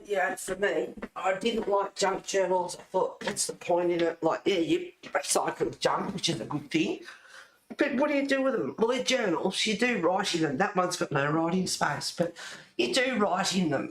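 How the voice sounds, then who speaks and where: A woman's voice: fairly low pitch, normal speed. A woman chatting casually in a craft vlog, rambling and laughing often as she shows her work. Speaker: colouring and junk-journal vlogger. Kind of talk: casual chat showing crafts. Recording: echoey room.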